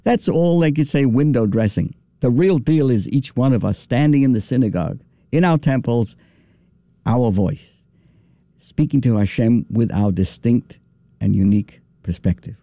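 A rabbi giving an animated, folksy sermon with restarts. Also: male voice, mid-range voice, normal speed, no echo, studio quality. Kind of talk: sermon with storytelling.

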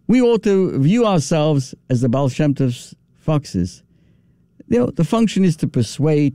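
A rabbi giving an animated, folksy sermon with restarts. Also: male voice, a little high, no room sound, clean studio sound. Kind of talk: sermon with storytelling.

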